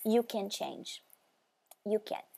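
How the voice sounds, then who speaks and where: A woman's voice: mid-range voice, lively intonation, takes it slowly, vocal fry, mellow. A woman giving a motivational devotional talk, speaking directly and emphatically to the listener.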